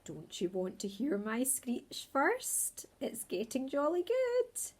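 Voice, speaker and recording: A woman's voice: high-pitched, huge pitch swings, slow, pitched above the performer's own voice, full character voice. A woman voicing a small, anxious baby barn owl boy who talks eagerly and earnestly.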